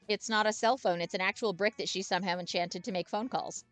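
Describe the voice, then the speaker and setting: A woman's voice: medium pitch, fairly even intonation, quick pace, few pauses, a bit bright, dry recording, soft background music. A young woman narrating her game playthrough with playful quips. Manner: playful, quippy. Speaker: game streamer.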